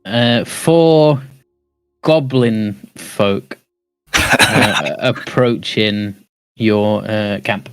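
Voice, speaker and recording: A man's voice: lowish voice, very slow, long pauses, fairly bright tone, clean tone, dry recording. Man narrating as game master, laughing often. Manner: laughing, rambling narration with many restarts.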